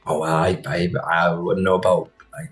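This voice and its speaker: A man's voice: deep voice, flat delivery, moderate pace, a bit bright, reverberant, soft background music, voice pushed down, rough recording. A man voicing a chatty, easily impressed male neighbor who rambles and stumbles over his words. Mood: evasive.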